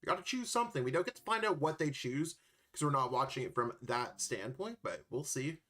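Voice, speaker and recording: A man's voice: mid-range voice, brisk. Sleepy, chatty male co-caster. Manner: relaxed, sleepy, chatty with hesitations. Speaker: esports co-caster. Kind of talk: casual game commentary.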